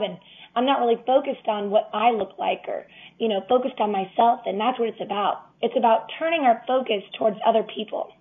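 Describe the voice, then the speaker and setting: A woman's voice: on the high side, brisk. A young woman as a guest, speaking sincerely and encouragingly from her faith. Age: young adult. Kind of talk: casual interview talk. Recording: tinny phone line.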